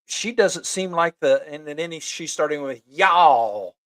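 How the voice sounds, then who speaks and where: Male host, slightly high voice, easygoing joking chat, dry studio sound. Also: fairly even intonation, moderate pace, fairly bright tone, no room sound. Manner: joking, storytelling. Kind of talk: casual podcast chat.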